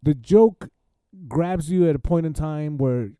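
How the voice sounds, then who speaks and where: Middle-aged male co-host, very dark timbre, measured delivery, dry close-miked sound. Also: a little high, smooth, dry recording. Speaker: podcast co-host. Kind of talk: casual chat.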